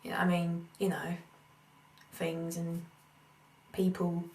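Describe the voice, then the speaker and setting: Animated woman teaching accents, roomy distant sound. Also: lowish voice. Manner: animated, breaks into sung syllables and mock accents to demonstrate. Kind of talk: casual spoken lesson.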